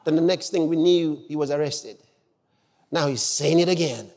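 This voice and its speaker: A man preaching a sermon with exuberant shouted exclamations and dramatic storytelling. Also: fairly high pitch, fairly quick, big-room sound.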